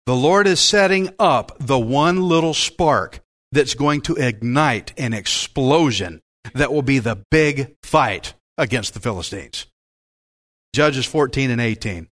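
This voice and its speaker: A man preaching a Bible-teaching sermon as pastor, in a folksy, joking and animated way. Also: mid-range voice.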